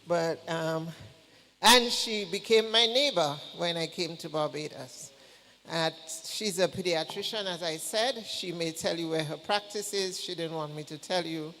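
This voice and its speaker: A man introducing speakers at a church program in a relaxed, chatty way with small jokes. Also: fairly high pitch, a little slow. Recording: church hall reverb, faint ambience.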